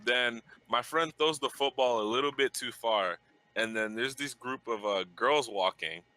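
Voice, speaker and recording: Young male podcast host, very bright, sharp tone, casual rambling storyteller who curses a lot. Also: mid-range voice, a little slow, no echo, poor audio. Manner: loose, swearing, laughs through his own story.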